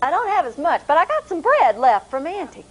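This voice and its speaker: Woman voicing a little boy, high-pitched, whiny, pleading, storytelling. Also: very animated, a little fast. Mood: pitiful whine. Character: young rural boy, shy, slow and eager.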